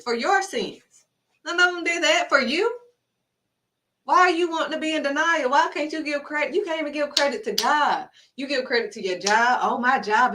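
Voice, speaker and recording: Blunt high-voiced woman preaching. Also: bright, forceful tone. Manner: blunt, emphatic, scolding, repeats for emphasis. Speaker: faith vlogger. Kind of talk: preachy direct-to-camera talk. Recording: voice somewhat distant from mic.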